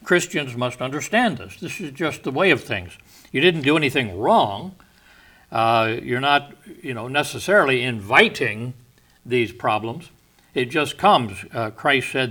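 Man, Bible study teacher, mid-range voice, deliberate, defines key words, verse-by-verse teaching. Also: mid-range voice, lively intonation, pushed and bright.

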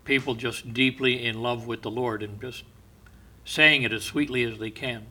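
Bright-voiced male pastor preaching. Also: fairly even intonation. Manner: unhurried storyteller, often dropping to a soft, low voice. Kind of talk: sermon.

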